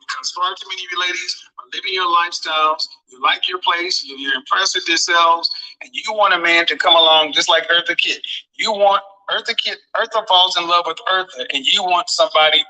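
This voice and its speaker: Emphatic lecturing man, bright and sharp. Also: a little high, steady tone, brisk, far from the mic, poor audio. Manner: lecturing, emphatic, repeats phrases. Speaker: commentator on dating. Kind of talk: preachy commentary to viewers.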